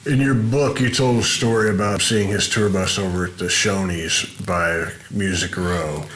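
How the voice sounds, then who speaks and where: A man hosting an interview, asking relaxed conversational questions. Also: sits low, moderate pace, slight background noise. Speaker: interviewer host.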